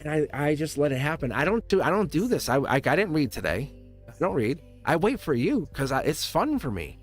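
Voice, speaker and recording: A man's voice: on the high side, very animated, a little fast, soft background music. A middle-aged man with a Boston accent doing a chatty, giggly live tarot reading and talking straight to viewers. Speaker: tarot reader.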